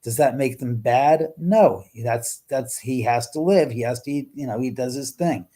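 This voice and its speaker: A middle-aged man hosting a live stream, chatting casually with viewers and reading their comments, animated, with frequent swearing and trailing restarts. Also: mid-range voice, moderate pace. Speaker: livestream host.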